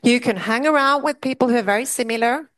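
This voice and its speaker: A woman's voice: a little high, fast. Chatty woman lecturer with fillers. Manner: lively, direct and chatty, with many asides and fillers. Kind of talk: classroom lecture.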